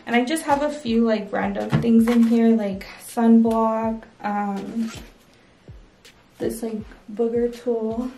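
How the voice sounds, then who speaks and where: A woman's voice: fairly high pitch, steady tone, slow pace, mellow, reverberant, far from the mic, slight background noise, poor audio. A young woman casually showing her baby's nursery in a chatty, rambling way, full of "like" and "um". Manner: chatty, filler-heavy, with frequent "like" and "um". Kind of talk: casual home tour chat. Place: indoors in a home nursery.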